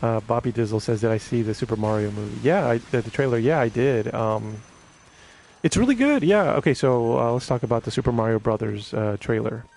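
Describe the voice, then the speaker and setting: A man's voice: medium pitch, fairly quick, a little mellow. A man chatting casually on a live stream, rambling with many fillers and restarts while reading viewer comments.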